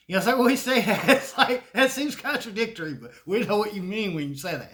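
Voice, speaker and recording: A man's voice: high-pitched, expressive, a little fast, few pauses, fairly bright tone. A man with a Southern US accent, talking in a rambling, profane casual monologue and laughing often. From American South. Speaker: video creator.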